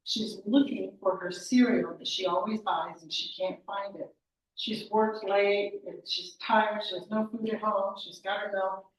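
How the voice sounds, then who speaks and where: Woman storyteller at a small meeting, lively delivery; distant mic, very echoey room. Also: mid-range voice, measured pace. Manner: animated, self-correcting. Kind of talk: live oral storytelling. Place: meeting room of a historic house.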